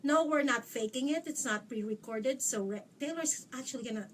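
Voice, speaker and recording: Bubbly high-voiced woman host. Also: a little fast. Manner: bubbly, joking, laughs often. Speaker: talk show host. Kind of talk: live chat show interview. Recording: distant mic, faint background noise.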